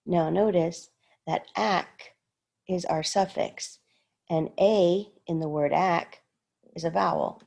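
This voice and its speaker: A woman's voice: on the low side, slow pace, creaky, a little mellow. A woman teaching a recorded lesson, carefully sounding out words syllable by syllable. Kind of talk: slow recorded lesson walkthrough.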